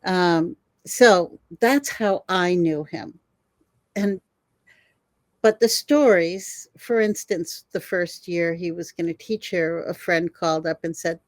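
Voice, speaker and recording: An older woman, a guest herbalist, telling animated stories in an interview and laughing often. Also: lowish voice, takes it slowly, no echo. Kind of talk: storytelling in an interview.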